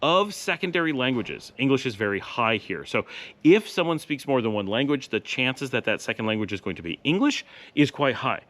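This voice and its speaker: A man's voice: medium pitch, lively intonation, normal speed, a bit bright. A man talking to camera in a casual vlog from his home office, answering viewer questions in a rambling, chatty way with dry sarcastic asides.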